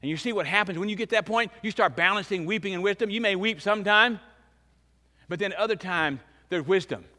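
A man in his fifties preaching a sermon as pastor, emphatic, swinging between loud and hushed. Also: high voice, a little fast. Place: church sanctuary. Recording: long reverb of a large church hall.

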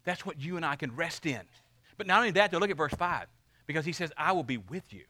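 Bright-voiced preaching man. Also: a little high, no room sound. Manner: emphatic preaching, slowing to stress key lines. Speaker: pastor. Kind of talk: sermon.

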